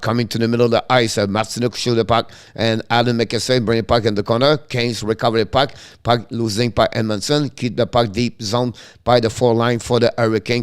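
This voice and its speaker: A man with as his calling hockey play-by-play on a live stream, in clipped broken English with many fillers, his voice leaping high on shots. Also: clear, resonant tone. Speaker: play-by-play commentator.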